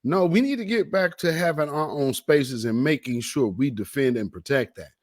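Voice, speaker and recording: Emphatic, lively man commenting on clips. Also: mid-range voice. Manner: emphatic, preachy, lively with drawn-out stresses. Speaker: commentary host. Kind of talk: reaction commentary on video clips.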